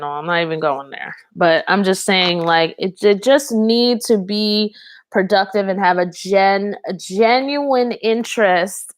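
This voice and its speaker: A young woman giving a casual live tarot reading, chatty and rambling, talking to viewers in the chat. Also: medium pitch. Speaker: tarot reader.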